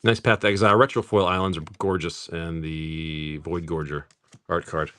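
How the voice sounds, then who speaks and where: A man's voice: deep voice, fairly even intonation, moderate pace, pushed and bright. A middle-aged man hosting a casual live stream. He jokes, laughs often, swears freely and rattles off card names while opening packs.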